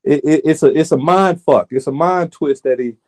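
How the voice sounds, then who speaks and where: Mellow-voiced man making emphatic points. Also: on the high side, moderate pace, no echo. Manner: emphatic, repeats himself for weight. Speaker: podcast co-host. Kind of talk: casual sports chat.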